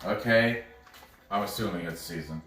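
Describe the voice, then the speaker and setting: A low-voiced man with a fairly bright tone talks through soccer matches for bettors at normal speed, casually thinking aloud and tripping over names. Faint music plays behind him, and the distant mic gives the recording a roomy sound.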